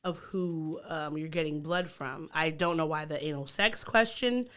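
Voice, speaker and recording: A woman's voice: low-pitched, normal speed. Candid woman co-hosting a casual podcast. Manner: candid, animated when teasing. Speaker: podcast co-host. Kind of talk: casual chat.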